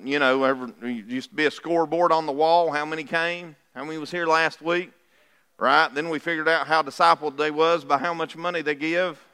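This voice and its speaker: A middle-aged pastor preaches in a folksy, conversational way, checking in with his congregation as he goes. His voice sits high and bright for a man. The sound carries a long reverberant tail from the church hall. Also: clean tone. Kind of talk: sermon. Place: church sanctuary.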